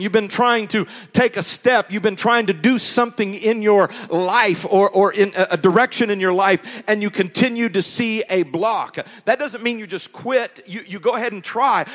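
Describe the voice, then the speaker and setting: High-voiced preacher in a reverberant hall. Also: male voice. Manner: swings from loud preaching to quiet storytelling. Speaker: pastor. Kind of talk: sermon.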